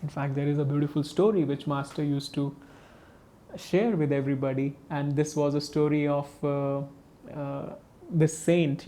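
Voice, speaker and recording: A man gives a gentle spiritual webinar talk, telling a story with frequent hesitations. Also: on the high side. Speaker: spiritual teacher.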